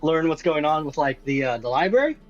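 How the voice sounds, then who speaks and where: High-voiced man running a tabletop game. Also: sing-song, a little fast, highs cut off, music in the background. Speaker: game master.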